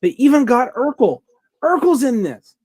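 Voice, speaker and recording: A man's voice: very high-pitched, big pitch swings, normal speed, a little mellow, dry recording. A man co-hosting a podcast, chatting casually and enthusiastically in a rambling way, full of fillers and restarts. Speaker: podcast co-host. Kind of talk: casual review chat.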